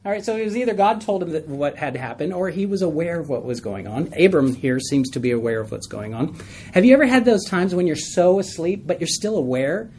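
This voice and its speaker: A man's voice: on the high side, animated, brisk, a little mellow, slight background noise. A man teaching a Bible study in a conversational way, asking his group questions and telling stories with a laugh.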